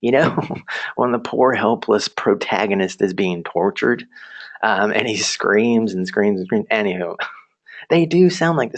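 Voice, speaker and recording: A man's voice: lowish voice, dry recording. A young man telling a personal story in a class presentation, chatty and self-deprecating, laughing often and asking the audience questions.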